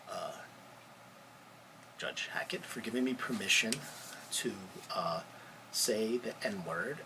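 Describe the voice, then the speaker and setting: A man, a lawyer hosting a podcast, telling a story in a halting, conversational way, often searching for words. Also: low-pitched, noisy background.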